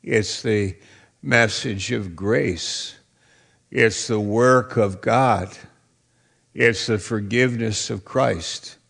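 A man preaching a sermon, emphatic and repetitive, who now and then breaks into shouted praise. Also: on the low side, extremely slow, vocal fry. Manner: emphatic preaching, repeats phrases, bursts into shouts. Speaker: pastor.

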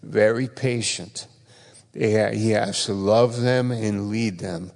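Gravelly-voiced male preacher in a reverberant hall. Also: fairly low pitch, steady tone, slow. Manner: emphatic, repeats phrases, swings between loud stresses and quiet asides. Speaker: pastor. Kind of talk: sermon. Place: church.

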